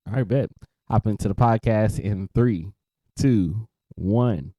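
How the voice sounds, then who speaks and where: Laid-back young man, low and mellow. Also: slow, a little hiss or hum. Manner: laid-back, laughs often, trails off and restarts. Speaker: podcast co-host. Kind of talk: casual chat.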